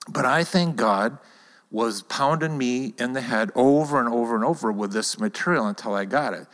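A man's voice: mid-range voice, fairly bright tone. A man leading a church talk, telling a personal story in a conversational way to his congregation. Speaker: church leader. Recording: long hall reverb.

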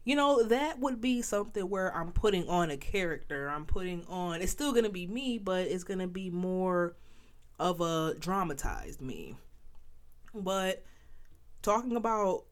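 A young woman with a nasal voice hosting a casual solo podcast, candid and animated, talking straight to her listeners with playful asides and the odd sniffle. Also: on the low side, unhurried. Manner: sniffles between phrases. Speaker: podcast host.

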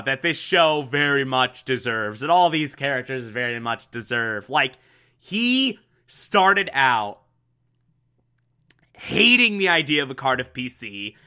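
A man's voice: mid-range voice, bright, forceful tone, clear, resonant tone. A young man casually recapping a TV show, enthusiastic and repetitive, with lots of fillers. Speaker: TV recap host.

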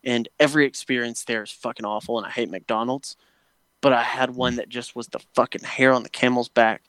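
A man's voice: mid-range voice, fairly even intonation, brisk, fairly bright tone, smooth, no room sound. Profane ranting man, dry close sound. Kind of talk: casual chat. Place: home patio.

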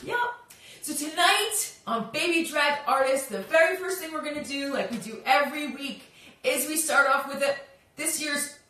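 Woman host of a live-stream chat, bright and bubbly with a sing-song lilt, recorded off-mic in an echoey room. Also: high-pitched, normal speed, far from the mic. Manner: bubbly, sing-song, greets viewers by name.

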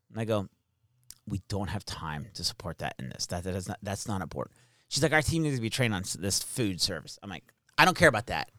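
Fast and lowish, a man's voice in studio quality with no echo spins casual tales from his service as an army captain. The storytelling is lively and foul-mouthed, with plenty of quotes from the people he mentions.

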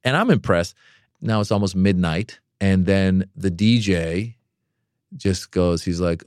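A man, a comedian, telling a long story in a casual interview. He talks in an animated way and acts out other people's voices with big jumps in pitch. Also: unhurried, dry recording, clean studio sound. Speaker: comedian guest.

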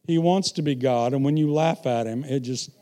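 A middle-aged man preaching a sermon, telling stories and swinging from quiet asides to loud, emphatic bursts. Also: mid-range voice, normal speed.

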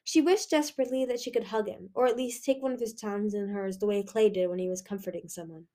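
A young woman reading a fantasy novel chapter aloud in an expressive way. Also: mid-range voice, quick pace. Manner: expressive, lively. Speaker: reader. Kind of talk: audiobook-style reading.

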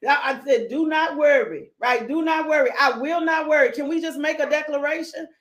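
A woman preaching with a high, bright-pitched voice. She drives her sermon with fervent call-and-response and sudden whoops. She calls out to members of her congregation by name. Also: a little fast.

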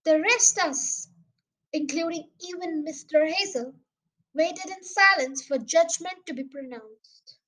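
A woman with a high voice reads a children's novel aloud, chapter by chapter. Her delivery is careful and plain, with lively emphasis on the story. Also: measured pace, poor audio. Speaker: audiobook reader. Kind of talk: storybook reading.

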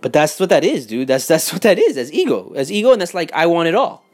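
Young male vlogger, heated rant, higher-pitched voice, soft music underneath. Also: very animated, quick pace. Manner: heated, profane, repeats himself, swings loud and quiet. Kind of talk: profane casual rant. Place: home in Miami.

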